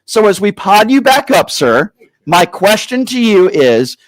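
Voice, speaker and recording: A man hosting a call-in talk show, talking down to a caller in a slow, repetitive, insulting way. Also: high voice, very animated, no echo, low-quality recording.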